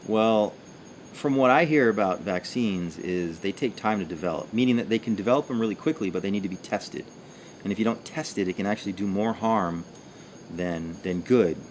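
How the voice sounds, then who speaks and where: Relaxed livestream co-host, rambling and jokey, lowish voice. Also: male voice, moderate pace, slight background noise. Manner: loose and rambling, full of fillers, jokey. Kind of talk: casual livestream chat.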